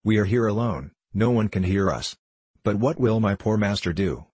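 A man's voice: on the low side, expressive, normal speed, a little mellow, slightly rough, dry recording. A man reading the part of a prying, scolding female housekeeper, nagging and insistent.

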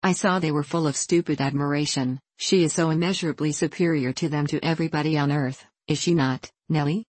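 A woman narrating a classic novel in a measured storytelling reading. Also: low voice, fairly even intonation, darkish tone, no room sound, rough recording. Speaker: audiobook narrator. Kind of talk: scripted narration.

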